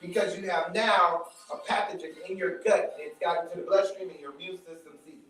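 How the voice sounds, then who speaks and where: Man lecturer, high-pitched, punchy and repetitive, live room sound with heavy echo. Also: steady tone, brisk, fairly bright tone, soft background music. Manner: emphatic, repeats points, checks in with the crowd. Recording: very echoey room, mic from far off.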